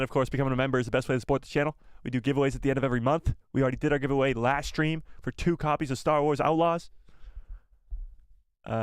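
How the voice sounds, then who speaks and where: Man, live-stream host, playful, self-mocking, slightly high voice, dry close mic. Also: smooth, no room sound. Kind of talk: casual live-stream chat.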